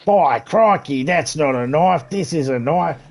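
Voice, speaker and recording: A man doing a brash, boastful outback bushman, pitched well above his own low voice. He drawls his lines loudly and lays the swagger on thick. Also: animated, measured pace. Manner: loud, exaggerated, drawling.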